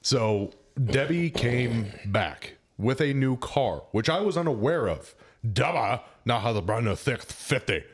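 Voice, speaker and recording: A man co-hosting a casual podcast chat, joking and throwing in quick asides. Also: medium pitch, animated, breathy edge. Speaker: podcast co-host, service advisor.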